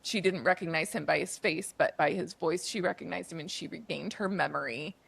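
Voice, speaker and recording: A woman co-hosting a podcast in casual chat. She retells a story in an animated way, says "like" often and acts out the dialogue. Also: low voice, brisk, gravelly, husky. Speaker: podcast co-host.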